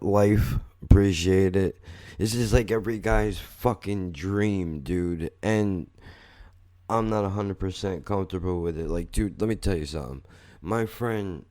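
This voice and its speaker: A man's voice: deep voice, darkish tone. A man hosting a podcast, telling a rambling story in a blunt, profane way. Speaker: podcast host. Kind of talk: casual storytelling monologue.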